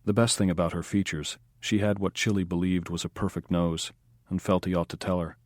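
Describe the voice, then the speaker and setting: A man reading an audiobook in measured scripted narration. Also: sits low, steady tone, no room sound, clean studio sound.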